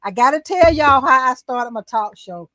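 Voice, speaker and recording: An older woman, a talk show host, telling a personal faith story in casual, animated chat. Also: sits high, moderate pace, no room sound.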